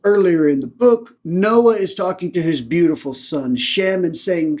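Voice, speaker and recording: A man's voice: high-pitched, animated, unhurried, hardly any pauses, a little mellow. A man hosting a podcast who reads scripture aloud and then retells it in a casual, irreverent, joking way. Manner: irreverent, joking, laughs at his own lines. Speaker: podcast host, lay Bible teacher.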